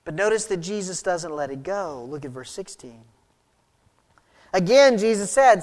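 Pastor guy preaching, kinda high voice, soft then punchy, echoey church. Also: normal speed. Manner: expressive, swings between soft and emphatic. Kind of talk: sermon.

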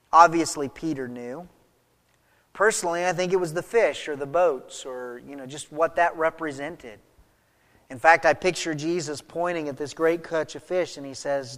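A male pastor delivers a sermon in a fairly high voice, dropping soft and then pressing hard for emphasis. He speaks in a church, and his words trail off into a long hall reverb. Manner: expressive, swings between soft and emphatic.

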